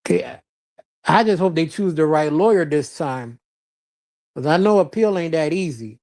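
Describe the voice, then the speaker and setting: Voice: medium pitch, lively intonation, moderate pace, a little mellow. A live-stream host from Florida talking loosely and bluntly, laughing often and answering chat. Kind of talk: casual live-stream commentary, reading chat. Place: lives in Florida.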